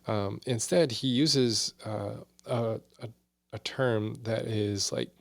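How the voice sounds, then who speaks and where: A low-voiced man with a gravelly, creaky edge talks through a Bible passage in a loose, conversational way. The sound is dry and close, with no room around him. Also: steady tone, slow, no room sound. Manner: conversational and candid, with frequent fillers and asides. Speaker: podcast guest teaching Bible study. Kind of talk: casual teaching talk.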